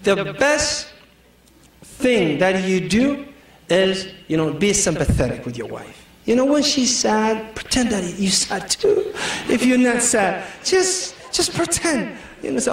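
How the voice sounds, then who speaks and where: A high-voiced man preaching a lighthearted sermon, full of jokes and small stories, laughing as he talks. The sound is roomy and echoey, picked up from some distance away. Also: sing-song, slow. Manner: joking, anecdotal, laughs often. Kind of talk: humorous sermon.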